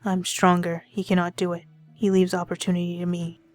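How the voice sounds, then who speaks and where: A woman voicing a terse male clouded leopard spirit from a visual novel, who talks in blunt, broken English at a slow pace. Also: on the low side, completely flat delivery, faint music behind, natural voice.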